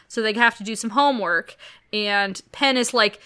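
A woman co-hosting a podcast, rambling through a casual, animated movie recap with some swearing. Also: a little high, normal speed, clean tone. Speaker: podcast co-host.

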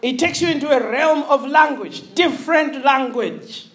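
A woman from Africa preaching a sermon, animated and laughing, often asking the congregation if they follow her. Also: high-pitched, moderate pace, echoey room, a little hiss or hum.

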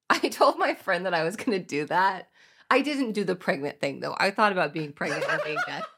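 A woman's voice: lowish voice, animated, fairly quick, fairly bright tone. A woman in her twenties chatting casually as co-host, giggling often and filling her talk with "like". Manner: giggly, chatty, lots of filler likes. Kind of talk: casual chat.

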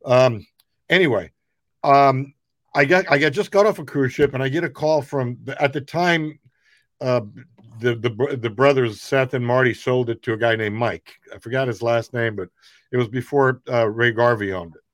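A middle-aged man, a comedian guest, telling rambling, animated anecdotes. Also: mid-range voice, moderate pace, no room sound. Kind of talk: casual storytelling.

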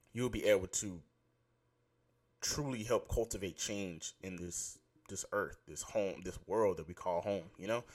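Deep-voiced excitable young man. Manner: excitable, rambling, self-interrupting. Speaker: podcast segment host. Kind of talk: casual faith talk.

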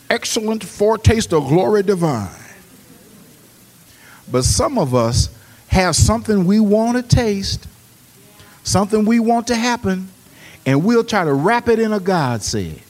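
A man preaching a sermon. He swings between hushed, quick storytelling and loud, rising exhortation. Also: high voice, expressive, long reverb tail. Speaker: pastor. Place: church.

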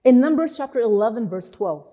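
This woman preacher's voice sits a little high and moves a little fast, and the sound is lo-fi with hall reverb. Her sermon is full of lively stories, and she performs the quotes in character.

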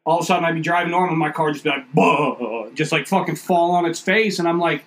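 Speaking very fast in a slightly high voice over background noise, a man rambles through profane stories in a casual podcast chat. He acts out what others said with animated quoted outbursts.

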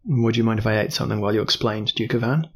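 A man's voice: lowish voice, fairly even intonation, very fast, slight background noise, natural voice. A man voicing a proud, courteous albino prince in a storybook reading, formal and guarded. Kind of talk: audiobook character reading.

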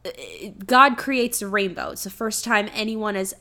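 A woman's voice: mid-range voice, normal speed. A woman co-hosting a podcast in casual chat, swearing freely and acting out quoted lines in mock voices. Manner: profane, animated, acts out quotes in mock voices. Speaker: podcast co-host.

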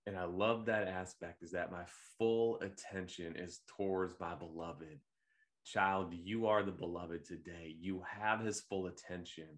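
Host, male, very deep voice, gentle devotional meditation delivery, unhurried. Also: fairly even intonation. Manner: gentle, unhurried, with occasional fillers and restarts. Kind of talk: reflective devotional talk.

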